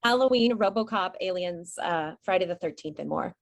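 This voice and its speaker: A woman's voice: on the low side, expressive, moderate pace, creaky. A woman presenting horror news headlines on a podcast, reading items and adding casual asides. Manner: reads headlines with chatty asides.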